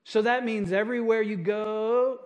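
A man's voice: sits high, steady tone, moderate pace. A middle-aged male pastor preaching from a church stage, telling stories about his own mistakes in a chatty, self-deprecating way with frequent asides to the congregation. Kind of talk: sermon.

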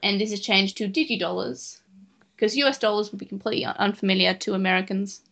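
A woman's voice: medium pitch, steady tone, quick pace, creaky, fairly bright tone. A woman co-hosting a podcast, recapping cartoon episodes in a rambling, chatty way. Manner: rambling, chatty, lots of fillers. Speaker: podcast co-host. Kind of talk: casual chat recapping a cartoon.

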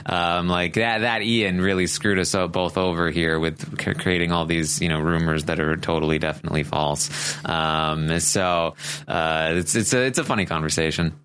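A man's voice: sits low, normal speed, clean tone. A man hosting a podcast, recapping events in an easygoing chat, with lots of fillers and restarts. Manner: animated storytelling with many fillers and restarts. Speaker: podcast host.

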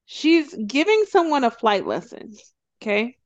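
A woman co-hosting a podcast, casually recapping a TV show and acting out the characters' lines in quick, animated storytelling. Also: a little high, muffled recording. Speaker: podcast co-host.

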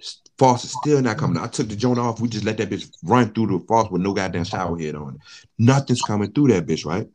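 A man's voice: lowish voice, lively intonation, fast talker, darkish tone. A man telling a long, profane story in casual chat, acting out the quotes of the people in it.

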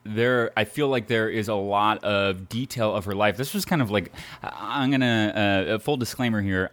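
A man's voice: lowish voice, a bit bright, dry recording. A man hosting a podcast, casually retelling a history story with lots of fillers and asides. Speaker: podcast host.

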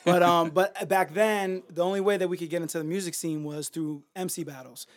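A man's voice: sits high, steady tone, brisk. A man in casual podcast chat, laid-back and rambling, cursing freely as he talks about performing music. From Miami. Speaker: musician guest.

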